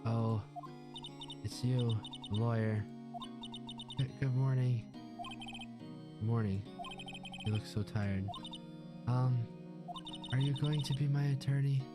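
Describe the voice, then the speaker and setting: A man's voice: medium pitch, fairly even intonation, takes it slowly, pauses often, close to an everyday voice. A man doing a timid, stammering young woman. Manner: stammering and hesitant. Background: game music.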